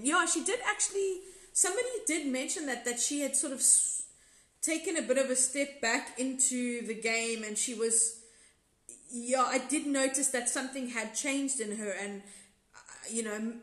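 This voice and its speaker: South African woman, fairly high voice, rambling candid recap host, roomy echo. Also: fairly bright tone. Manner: rambling, self-correcting, candid. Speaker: episode reviewer and former contestant. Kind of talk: casual live recap chat reading viewer comments.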